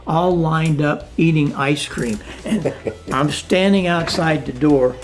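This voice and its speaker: A slight hiss or hum sits under this casual home-studio interview with an older sound engineer. His voice leans high and he takes his time, telling stories in an animated way and voicing the dialogue as he recounts it.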